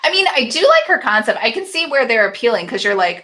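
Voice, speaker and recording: A woman's voice: a little high, sing-song, fast, hardly any pauses, bright, forceful tone. A woman hosting a casual live book club chat, laughing often and reading viewer comments aloud.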